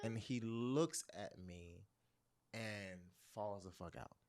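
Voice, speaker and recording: A man, a guest on a talk show, telling a funny personal story in a dramatic, animated way with cursing asides. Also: on the low side, slow pace, no echo. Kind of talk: casual storytelling chat.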